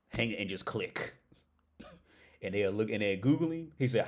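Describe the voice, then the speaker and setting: A young man hosting a casual livestream, swearing freely and breaking into loud laughs. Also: on the low side, lively intonation, moderate pace. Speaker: livestream host.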